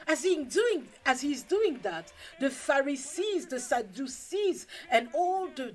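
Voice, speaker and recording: A woman's voice: high-pitched, very animated, a little slow, hardly any pauses, soft background music, poor audio. A woman pastor preaching a sermon, acting out scenes in voices and calling the congregation for amens. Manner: dramatic, acts out scenes in voices.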